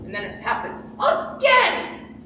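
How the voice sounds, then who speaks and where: A woman's voice: extremely high pitch, wildly swooping pitch, slow pace, heavily acted. A woman playing a male wolf with a cold, telling his side in sing-song rhyme and song on a school stage, heard from far off in an echoey auditorium with music. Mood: pleading. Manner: sing-song rhyming storytelling, breaks into song. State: stuffy with a cold, sneezing.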